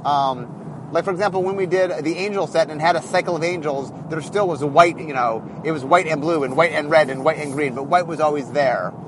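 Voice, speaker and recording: A male game designer in a casual, animated monologue, thinking aloud as he explains design choices. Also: fairly high pitch, fairly quick, background noise.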